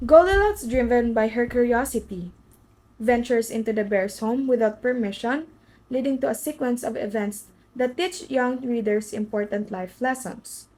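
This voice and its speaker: A woman's voice: fairly high pitch, warm tone, rough recording. A woman reading a children's story aloud as storyteller, with slips and restarts.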